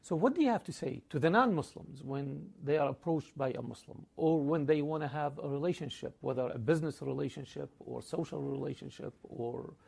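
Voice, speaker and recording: A man conducts an interview in a measured, deliberate way. His voice is gravelly with a husky edge and sits a little high. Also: darkish tone. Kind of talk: interview questions.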